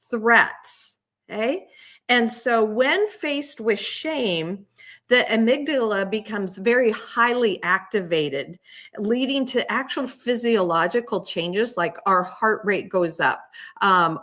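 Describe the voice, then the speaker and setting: Bright-voiced woman coach explaining. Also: mid-range voice. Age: middle-aged. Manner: animated, acts out quoted voices. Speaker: parenting and teen coach. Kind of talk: explanatory interview talk.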